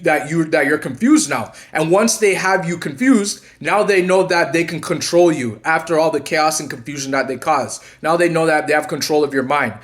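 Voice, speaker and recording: A man with a fairly high voice hosts his own channel and talks casually to his audience. He rambles, restarts sentences and strings together long runs of "maybe" scenarios. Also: fairly bright tone. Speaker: channel host, narcissism coach. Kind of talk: casual monologue to viewers.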